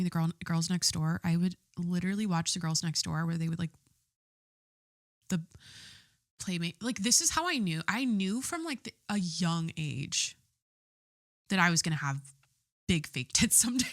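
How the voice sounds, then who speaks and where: Young woman rambling on her podcast, giggly, swears a lot, slightly low bright voice, dry close mic. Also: dry recording. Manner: rambling, giggly, self-interrupting, swears casually. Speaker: podcast host. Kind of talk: casual monologue.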